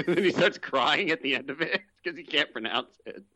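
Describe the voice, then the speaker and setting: A man co-hosting a casual chat podcast, jokey and playful, quick to laugh. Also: a little high, animated, sharp tone, no room sound, dull audio. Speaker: podcast co-host.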